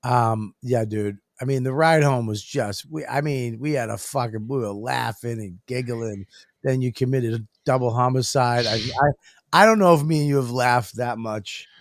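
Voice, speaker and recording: A man's voice: medium pitch, normal speed, dry recording, clean studio sound. A man co-hosting a podcast, telling rambling stories full of swearing and laughter in casual banter. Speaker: podcast co-host, comedian.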